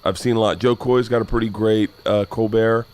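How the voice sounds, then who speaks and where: A man's voice: on the low side, fairly even intonation, a little mellow. A man hosting a casual podcast chat who rambles, swears freely, and restarts his sentences often. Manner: rambling, profane, halting restarts. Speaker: podcast host.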